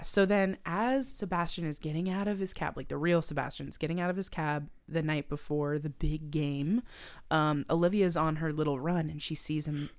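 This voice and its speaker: Woman co-host, low-ish voice, casual swearing movie recap, lots of acted-out dialogue. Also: no echo, studio quality. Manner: animated, swears a lot, acts out characters' lines. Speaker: podcast co-host.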